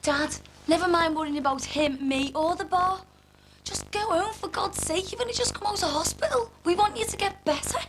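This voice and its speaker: A woman's voice: high voice, a little fast, few pauses, slight background noise, close to an everyday voice. An actress playing an anxious grown daughter who pleads with her father. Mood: pleading. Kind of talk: TV soap acting.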